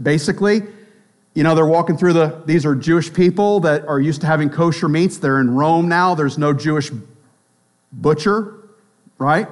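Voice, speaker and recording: A man with a high, bright-pitched voice preaching a sermon in a casual, talky way. He keeps checking in with his listeners and slips into the voices of the people he quotes. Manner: conversational preaching with frequent tag questions; acts out quoted voices of both sides. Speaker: pastor.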